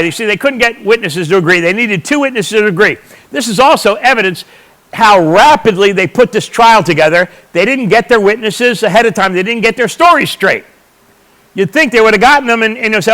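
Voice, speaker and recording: A man's voice: sits high, lively intonation, moderate pace, a bit bright, poor audio. A man teaching a church audience, explaining points emphatically and answering his own questions. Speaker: Bible teacher.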